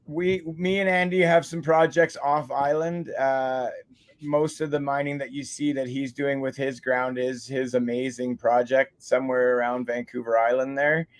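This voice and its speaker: A man's voice: medium pitch, little pitch movement, moderate pace, clean tone. A man from Canada hosting a casual after-show chat, telling laid-back stories and laughing often. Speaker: show host. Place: home.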